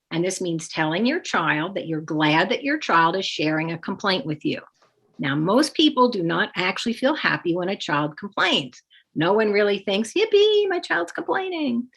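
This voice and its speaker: A woman explains parenting strategies in a calm, measured teaching voice. She walks through each step clearly and acts out example phrases a parent might say to a child. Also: on the low side. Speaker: parenting coach. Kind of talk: instructional talk with demonstrations.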